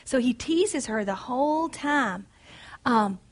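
A woman's voice: sits high, expressive, takes it slowly. A woman leading a Bible study, speaking in an earnest, encouraging, conversational way.

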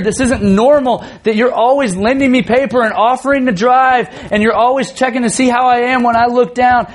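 Earnest high-voiced male youth preacher. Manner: earnest, swings from emphatic to soft and tender. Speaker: youth pastor. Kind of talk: sermon.

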